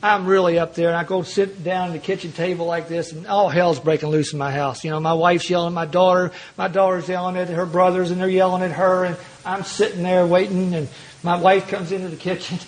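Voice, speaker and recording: An older man from Kentucky tells a long story at a recovery meeting, his voice sitting noticeably high. He talks in a folksy, self-mocking way and often circles back and restarts his phrases. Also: level tone, fairly quick, poor audio. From Louisville, Kentucky. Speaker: AA speaker.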